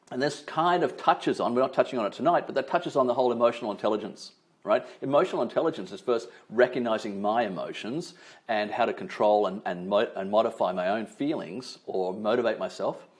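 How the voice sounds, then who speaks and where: Over a video call, a male trainer runs an energetic online webinar in a medium-pitched voice, stressing words and tossing in tag questions such as "right?".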